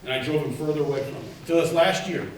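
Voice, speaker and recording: A man delivers a keynote talk with an animated, joking energy, tossing questions out to the audience. His voice sits a little high. It rings through a large echoing hall, picked up from some way off the mic. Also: rapid-fire, far from the mic, a little hiss or hum. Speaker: keynote speaker. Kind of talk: lively conference keynote talk. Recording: echoey hall, mic set back.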